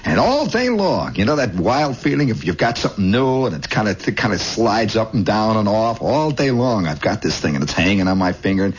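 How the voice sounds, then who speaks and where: A man hosting a radio show, telling a long improvised story with many asides, shifting between hushed and excited, on an old lo-fi recording. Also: fairly low pitch, a little fast, few pauses, breathy edge. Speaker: radio host. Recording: dull lo-fi 1960s radio.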